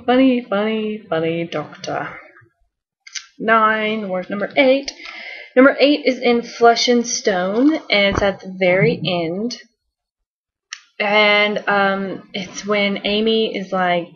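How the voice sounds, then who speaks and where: In a dull, lo-fi home recording, a bubbly young-sounding woman vlogger chats through a fan countdown. She rambles casually, with plenty of "um"s and quiet giggles, at an ordinary middle pitch.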